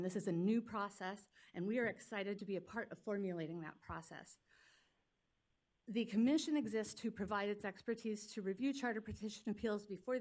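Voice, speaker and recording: A woman attorney speaking for a school district, giving a formal legal argument at a public hearing in a quick, pointed, argumentative way. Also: medium pitch, a little mellow. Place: public meeting hearing room.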